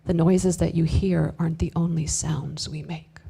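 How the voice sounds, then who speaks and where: A woman's voice: low-pitched, fairly even intonation, moderate pace, gravelly, noisy background. Confessional woman performing spoken word. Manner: confessional and wry, with emphatic swearing; moves between hushed asides and loud bursts. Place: live event space with audience.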